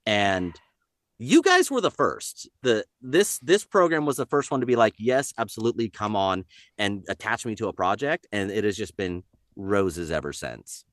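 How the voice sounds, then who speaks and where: A man's voice: lowish voice, moderate pace, no echo, studio quality. A man, a voice actor, talking casually on a podcast and breaking into voices. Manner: animated, jumps into voices.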